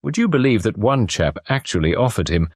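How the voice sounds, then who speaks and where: A man's voice: on the low side, sing-song, a little fast, husky, no room sound, clean studio sound, heavily acted. A man voicing a chatty male journalist gossiping in a pub in an audiobook.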